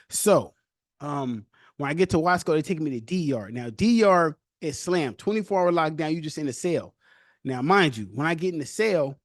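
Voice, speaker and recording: A man's voice: fairly high pitch, no room sound, studio quality. Slang-heavy man telling a story. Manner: loose street slang, animated retelling. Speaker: podcast host telling his own story. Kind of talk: casual storytelling.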